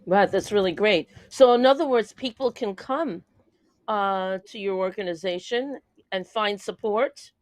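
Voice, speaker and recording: An older woman hosting an interview, summing up her guest's points in a halting way with frequent fillers. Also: medium pitch, darkish tone, no echo. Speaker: host.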